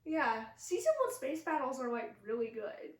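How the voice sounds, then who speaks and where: A woman co-hosting a casual chat about an episode, chatty and giggly with quick jokes. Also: high voice, animated, recorded from a distance, a crowd in the background. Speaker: podcast co-host. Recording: roomy room, away from the mic, faint hiss.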